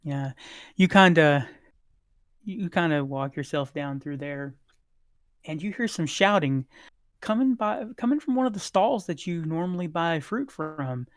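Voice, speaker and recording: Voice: medium pitch, animated, measured pace, dry recording, clean studio sound. A game master casually narrating a tabletop game with many fillers.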